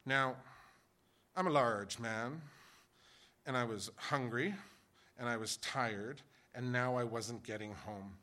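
A man preaching in a casual, conversational way, firing rhetorical questions at his listeners. His voice is bright and forward, mid-pitched, and he gets loud when he acts out a story. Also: takes it slowly, long pauses. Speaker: pastor. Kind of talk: sermon.

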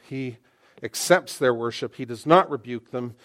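A middle-aged man preaching a sermon in an animated, excitable, conversational way, often restarting his sentences. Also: mid-range voice, moderate pace.

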